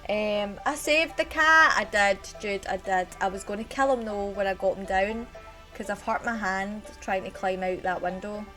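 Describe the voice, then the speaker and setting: A woman's voice: medium pitch, moderate pace, bright, forceful tone, soft background music. A woman with a Scottish accent chatting on a live stream, telling a rambling story and greeting her chat viewers as she goes.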